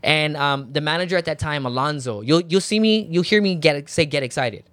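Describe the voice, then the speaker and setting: A man in his thirties, a podcast guest telling lively stories with lots of swearing and laughter. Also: on the high side, brisk, dry recording. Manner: animated storytelling, swearing, laughs often. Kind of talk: casual chat.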